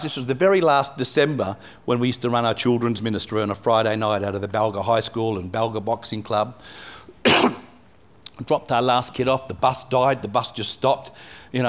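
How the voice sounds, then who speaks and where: A man's voice: medium pitch, fairly even intonation, a little fast. Aussie pastor guy telling a story from the pulpit, loose and rambly, lots of "you know". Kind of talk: storytelling sermon.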